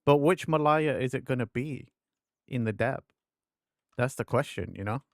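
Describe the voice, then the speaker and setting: A man's voice: medium pitch, normal speed, no room sound, studio quality. A man streaming a game, chatting casually, thanking viewers and answering chat.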